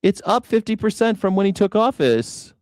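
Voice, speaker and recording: A man hosts a casual news reaction stream, swearing freely and mocking with heavy sarcasm. His voice sits somewhat high. The sound is close and dry, with no room in it. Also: big pitch swings, moderate pace, darkish tone, clean tone, no echo. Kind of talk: casual political commentary.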